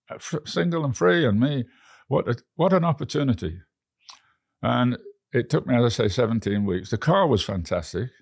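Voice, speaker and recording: Gravelly English man telling stories. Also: medium pitch, no echo, studio quality. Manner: rambling, frequent restarts. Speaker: interview guest. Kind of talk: anecdotal storytelling.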